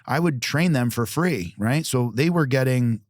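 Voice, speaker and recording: A man's voice: mid-range voice, a little slow, dry recording, studio quality. A man telling stories on a podcast, blunt and profane. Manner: blunt, profane, animated storytelling. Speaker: guest, restaurant founder. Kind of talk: casual podcast interview.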